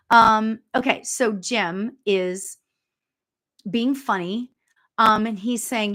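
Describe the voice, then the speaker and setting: A middle-aged woman doing a live medium reading in a loose, chatty way. She giggles and fills her talk with "um" and "like", and now and then drops into a hushed aside. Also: on the high side, slow pace. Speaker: spiritual medium. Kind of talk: live reading, casual chat.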